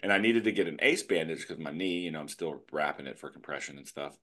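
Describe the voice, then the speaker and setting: A man's voice: very deep voice, fast talker, a bit bright. A man hosting a casual podcast, a jokey, rambling storyteller. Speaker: podcast host, animal control officer.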